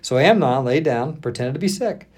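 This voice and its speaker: A man, a pastor, reading a Bible passage aloud on a podcast, with lively expression, stopping now and then to check how a name is said. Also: mid-range voice, moderate pace, breathy edge.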